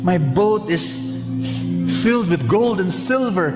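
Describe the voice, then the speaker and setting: A man's voice: high voice, lively intonation, slow pace, voice pushed up. A man voicing Prosperity, a smug rich figure in a parable, refusing with a breezy apology in a somewhat raised voice. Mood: dismissive. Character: smug dismissive Prosperity, rich boat owner. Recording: echoey church hall, loud music.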